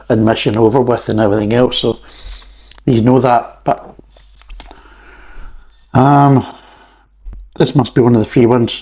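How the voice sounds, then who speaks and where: Scottish male beer vlogger, mid-pitched, rambling and jokey, slightly muffled recording. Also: dark tone. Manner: rambling, chatty, with jokey asides. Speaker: beer reviewer. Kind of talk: casual vlog review. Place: at home at a table.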